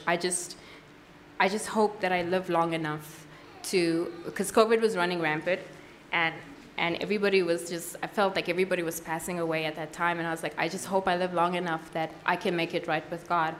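Woman, low-ish voice, church testimony, earnest and halting, faint room noise behind. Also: fairly even intonation, a bit bright. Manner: earnest, halting, with frequent fillers and restarts. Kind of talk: personal testimony at a worship service.

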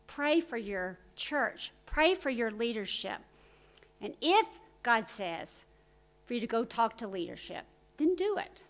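A woman preaching a church sermon, telling stories and voicing quotes with lively swings in loudness. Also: on the high side, slow. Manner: storytelling with voiced quotes, lively shifts in loudness.

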